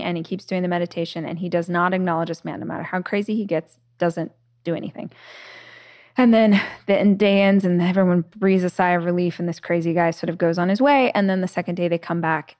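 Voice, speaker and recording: Fairly low-pitched and a little mellow, this woman talks briskly with fairly even intonation. She hosts a podcast, telling stories in casual conversation with many "like"s, fillers, and restarts.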